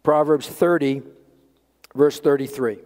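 A man preaching a sermon as pastor, emphatic, swinging between loud peaks and quiet low lines. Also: steady tone, slow pace. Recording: long hall reverb.

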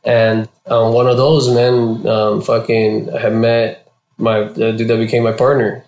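A man from Florida, a guest in an interview, telling his story casually with heavy slang and swearing, and getting animated when he quotes people. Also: mid-range voice, a little slow. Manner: profane and slangy, animated when quoting others. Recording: roomy echo.

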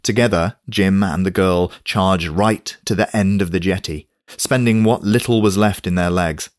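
A man reading a novel aloud in steady, measured scripted narration. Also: sits low, no room sound, studio quality. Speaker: audiobook narrator.

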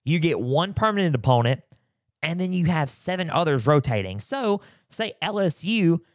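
A man's voice: a little high, sing-song, moderate pace, dry recording, clean studio sound. A man hosting a casual sports talk show, rambling and repeating himself with lots of fillers while his throat keeps getting scratchy. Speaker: podcast host. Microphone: close mic, sometimes turning away.

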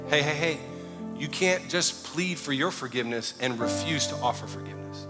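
A man's voice: fairly high pitch, a little fast, big-room sound, music in the background. A man preaching a sermon, moving from teaching into fervent, half-sung prayer. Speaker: pastor.

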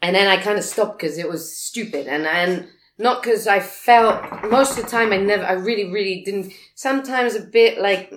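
Woman, casual storyteller, animated and profane, mid pitch, echoey room. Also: moderate pace, slight background noise. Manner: swearing, animated, laughs often. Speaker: guest telling a story. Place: living in a big city abroad.

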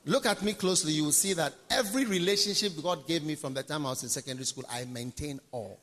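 A man preaching a sermon at a pastors' conference, emphatic and repetitive, with dramatic swings between quiet and shouted lines. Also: on the high side, fast, in a large hall. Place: large conference hall.

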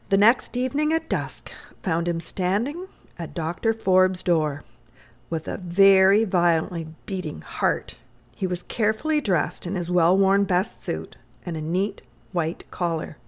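A woman reading a short story aloud in a measured, expressive way. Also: on the low side. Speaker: reader.

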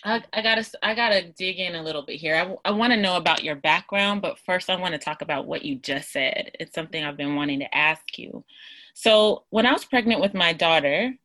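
A woman's voice: lowish voice, fairly quick, bright, forceful tone. A woman in her thirties hosting a casual interview, eager and thinking aloud, with frequent restarts. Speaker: podcast host.

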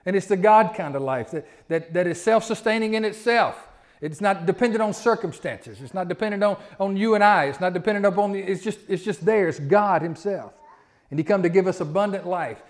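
Folksy preacher man, slightly high voice. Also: a little fast. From Southern United States. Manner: folksy, repeats words, preaches with rising emphasis. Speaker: pastor. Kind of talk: sermon.

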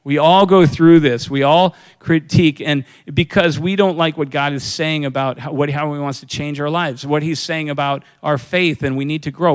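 A man preaching a sermon in a conversational way, asking his congregation questions and acting out what people say. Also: fairly high pitch. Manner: conversational preaching, acts out quoted voices, asks the congregation questions. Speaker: pastor.

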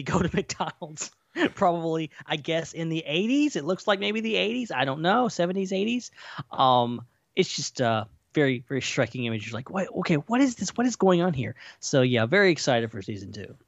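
A man's voice: on the high side, expressive, normal speed, vocal fry, no echo. Podcast co-host, male, rambly and speculative, dry close mic, a bit lo-fi. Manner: rambling, speculative, lots of fillers. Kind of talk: casual chat.

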